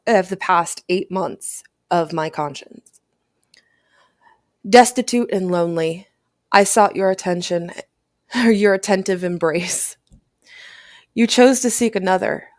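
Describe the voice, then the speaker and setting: Lower-voiced woman reading aloud on a stream. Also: dry recording, clean studio sound. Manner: halting reading with stumbles and restarts. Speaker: livestream host.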